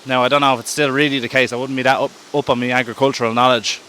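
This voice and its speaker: Chatty Irish man, bright voice. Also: mid-range voice, flat delivery, racing, slight background noise. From Ireland. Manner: chatty, rambling, self-correcting. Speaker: podcast host. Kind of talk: casual storytelling on a woodland walk. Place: outdoor woodland walk. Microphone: self-held camera while walking.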